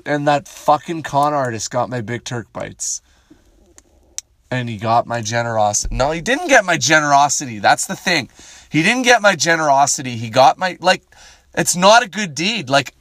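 A man's voice: mid-range voice, a bit bright, dry recording. A young adult man from Canada rambling profanely and self-deprecatingly in a casual solo monologue.

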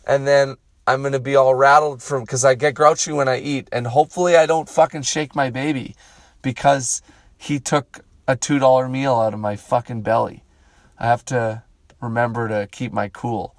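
A man's voice: mid-range voice, fairly even intonation, normal speed, no room sound. A young adult man from Canada rambling profanely and self-deprecatingly in a casual solo monologue.

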